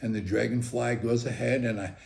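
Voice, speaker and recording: Older guy spinning a story, gravelly voice, roomy echoey sound. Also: medium pitch, a little fast. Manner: animated, chatty, repeats "okay?" often. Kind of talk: casual personal storytelling. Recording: roomy echo.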